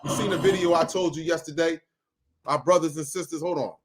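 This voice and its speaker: A man reacting to video clips in casual commentary, animated and emphatic, repeating lines for effect. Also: fairly high pitch, brisk.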